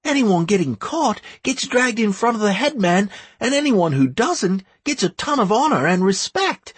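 Storybook role: a cheeky toothless village boy, high and very lively, husky edge. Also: normal speed, dry recording, exaggerated voice. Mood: boastful.

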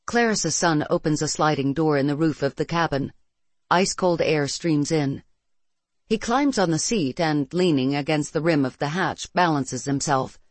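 Steady first-person audiobook narrator. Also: mid-range voice, moderate pace, no room sound.

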